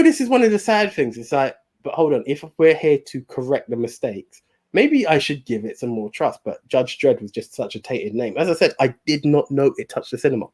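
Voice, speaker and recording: A man's voice: medium pitch, warm tone, husky. A British man co-hosting a casual movie podcast, chatty and friendly. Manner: chatty, calls others bro. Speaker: podcast co-host.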